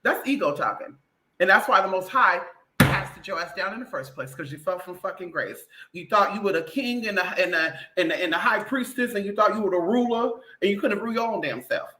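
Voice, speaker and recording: A woman, openly trans, talking straight to camera in a blunt, profane, animated monologue, mimicking the people she talks about. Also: mid-range voice, a little fast, reverberant, slight background noise, low-quality recording. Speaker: vlogger. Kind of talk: casual opinionated monologue.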